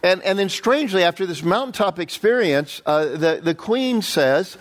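Preacher guy walking thru a bible chapter, kinda high voice, keeps asking the crowd stuff, gets animated. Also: normal speed. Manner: conversational, quizzes the audience with asides; animated, jumps up in pitch for quotes. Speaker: pastor. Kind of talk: sermon, verse-by-verse Bible teaching.

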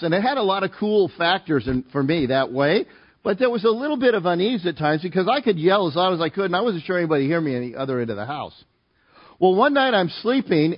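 Man preaching, middle-aged, chatty storytelling, slightly high voice, muffled lo-fi audio. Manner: storytelling, conversational, with many fillers and restarts. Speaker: pastor. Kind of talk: sermon. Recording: dull lo-fi sound.

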